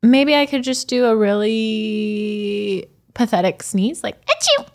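A woman's voice: medium pitch, fairly even intonation, takes it slowly, darkish tone. A woman co-hosting a podcast in casual chat, bubbly and laughing often. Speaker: podcast co-host.

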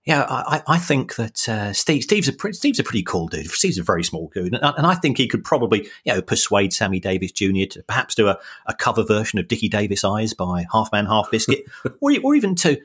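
A man with a somewhat low, husky voice co-hosts a podcast in easygoing chat. He stumbles and repeats words as he talks, restarting phrases again and again. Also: very animated, a little fast, few pauses, fairly bright tone. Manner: hesitant, repeats words often. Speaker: podcast co-host. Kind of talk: casual chat.

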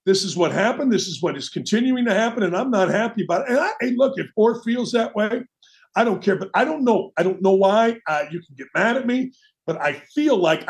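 A man hosting a sports talk show, delivering a brash, opinionated monologue with mocking asides. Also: high voice. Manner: brash, animated, mocking asides and quoted voices.

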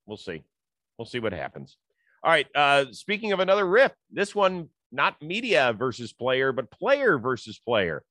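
A man's voice: medium pitch, wildly swooping pitch, normal speed, a bit bright, no room sound. A middle-aged man hosting a sports talk show, chatting casually and citing stats. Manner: conversational, stat-citing, storytelling.

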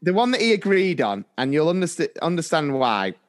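A man's voice: a little high, big pitch swings, fairly quick. A man co-hosting a casual teachers' podcast, telling stories and laughing often. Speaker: podcast co-host, primary school teacher. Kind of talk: casual chat.

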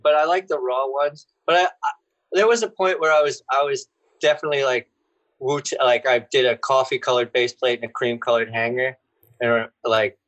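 A man's voice: mid-range voice, steady tone, normal speed, fairly bright tone, dull audio. A man guesting on a podcast in casual chat, loose and profane, often laughing as he talks.

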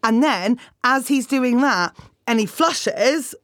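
A woman comedian retells a story with lots of giggles and a lively, bouncing voice that sits a little high. The sound is close and dry, with no room echo. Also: slow. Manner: giggly, animated storytelling with frequent laughs.

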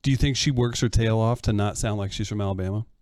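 A man's voice: lowish voice, fast, a little mellow, no echo, studio quality. A man co-hosting a casual chat, inquisitive and posing questions. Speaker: co-host.

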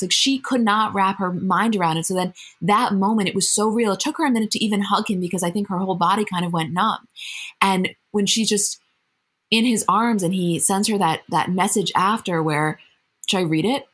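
A woman's voice: medium pitch, brisk, a bit bright, husky. A young woman co-hosting a podcast, talking in an earnest, emphatic way. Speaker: podcast co-host. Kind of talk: casual chat.

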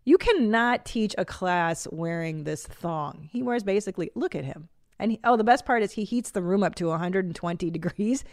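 A woman in her forties hosting a podcast in casual chat, blunt and profane with an animated delivery. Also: mid-range voice, normal speed, dry recording, clean studio sound. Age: 40s. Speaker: podcast host.

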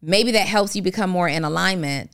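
A woman's voice: on the low side, a little fast, a bit bright, smooth. A woman co-hosting a podcast, talking in an earnest coaching way and working through examples step by step. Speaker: podcast co-host. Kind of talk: motivational podcast talk.

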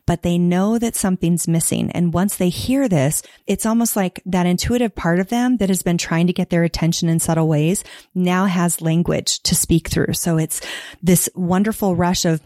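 A woman's voice: lowish voice, moderate pace, mellow, no room sound, studio quality. A woman, a professional organizer, talking earnestly and at length as a podcast guest, now and then acting out the voices she quotes. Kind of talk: podcast interview.

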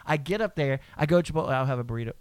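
A man co-hosting a casual chat, telling stories with lively bursts of shouting. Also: medium pitch, rapid-fire, clear, resonant tone, no echo. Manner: animated storyteller, bursts into loud shouts. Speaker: co-host.

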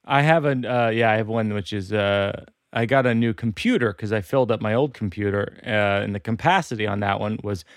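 A man's voice: on the low side, fairly quick, no echo, clean studio sound. A man hosting a comedy podcast, telling rambling stories full of fillers in casual chat. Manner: rambling storyteller, lots of fillers.

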